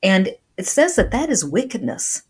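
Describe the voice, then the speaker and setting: A woman's voice: medium pitch, very animated, normal speed, breathy edge. A woman preaching a sermon to a remote audience, earnest and repeating words as she stresses her points.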